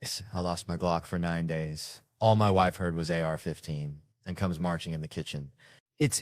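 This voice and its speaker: A man's voice: low voice, moderate pace, no room sound, clean studio sound. A man telling profane, rambling comic stories and voicing the people in them. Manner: profane, rambling anecdotes with voiced quotes. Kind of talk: stand-up storytelling.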